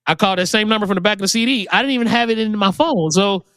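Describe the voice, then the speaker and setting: Male producer guest, high and lively storyteller, bright tone, dry close recording. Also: rapid-fire, clean tone, no echo, big-room sound. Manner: animated, leaps high when quoting people. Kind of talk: casual storytelling chat.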